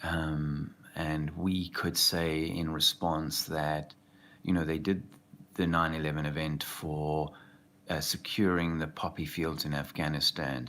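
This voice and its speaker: A man's voice: extremely low pitch, level tone, slow, a bit bright. A man talking in a rambling casual monologue as an activist video host, often losing his thread.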